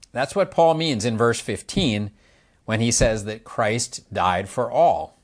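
An older man preaching a sermon, explaining slowly and asking the listeners questions as he illustrates with his hands. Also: mid-range voice, animated.

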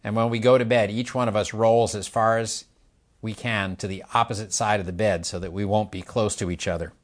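An older man preaching a sermon, explaining slowly and asking the listeners questions as he illustrates with his hands. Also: fairly low pitch, fairly even intonation.

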